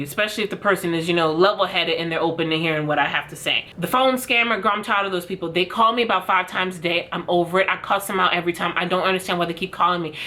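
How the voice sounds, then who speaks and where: A woman's voice: fairly low pitch, pushed and bright. A young adult woman giving frank, sassy commentary to camera as a vlog host, addressing viewers as "girl". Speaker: commentary vlogger.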